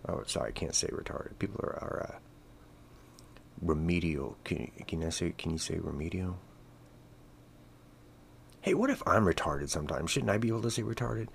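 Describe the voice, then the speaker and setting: Man, low voice, gravelly fry, sarcastic crude podcast rant. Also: very animated, brisk, long pauses, a bit bright, slight background noise. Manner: crude, sarcastic, rambling, profane. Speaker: podcast host. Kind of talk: casual comedic monologue.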